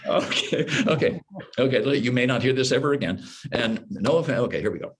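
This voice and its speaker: A man in his sixties from Hawaii, an actor telling anecdotes in an interview, lively and full of restarts. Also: mid-range voice, brisk. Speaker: actor, guest. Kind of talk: casual interview storytelling.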